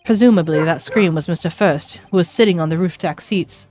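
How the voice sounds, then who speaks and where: A woman's voice: lowish voice, a little fast, darkish tone, reverberant, faint music behind, natural voice. Woman doing a pointed young lawyer. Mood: probing. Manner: pointed, questioning.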